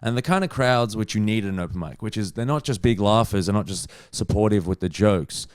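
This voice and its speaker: A young man, a stand-up comedian, telling a story in casual chat, animated and swearing freely. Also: fairly low pitch, a little fast, clear, resonant tone, no echo, clean studio sound. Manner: animated, swears freely, acts out other people's lines.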